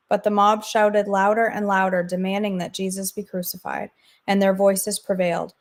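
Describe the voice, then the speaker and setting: A woman reads scripture aloud for a daily devotional. Her delivery is steady and measured. Her voice sits at an ordinary middle pitch. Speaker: devotional host. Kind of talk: scripture reading.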